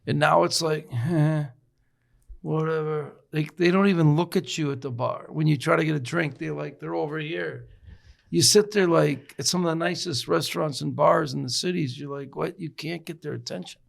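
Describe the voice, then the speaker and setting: A man's voice: fairly high pitch, brisk, creaky. A man co-hosting a casual podcast, joking and swearing freely. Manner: profane, joking, loud. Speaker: podcast co-host.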